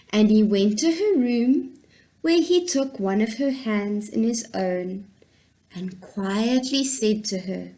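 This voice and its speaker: A woman teacher reading a Bible story and a prayer to young children, in a warm, encouraging, clear way. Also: medium pitch, expressive, slow pace, low-quality recording.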